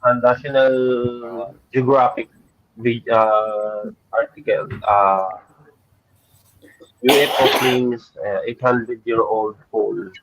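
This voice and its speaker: A man's voice: medium pitch, steady tone, slow, fairly bright tone, slight background noise, rough recording. A man on a video call, talking hesitantly with many fillers. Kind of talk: casual chat.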